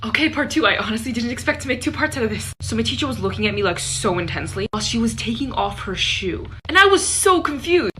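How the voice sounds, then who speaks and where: A woman's voice: a little high, lively intonation, fast talker, bright, forceful tone, a little hiss or hum. A woman telling a childhood story in a casual, chatty voice-over, acting out the people she quotes.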